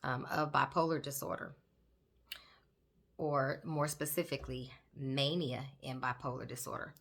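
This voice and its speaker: A woman nurse practitioner, hosting a chatty, animated educational talk while doing her makeup and speaking straight to viewers. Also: a bass voice, measured pace, gravelly. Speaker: host, psychiatric nurse practitioner. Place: home, doing makeup on camera.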